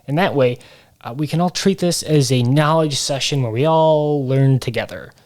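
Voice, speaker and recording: A man's voice: mid-range voice, darkish tone. Man hosting a casual podcast chat. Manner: explanatory and teasing, with halting fillers. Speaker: podcast host.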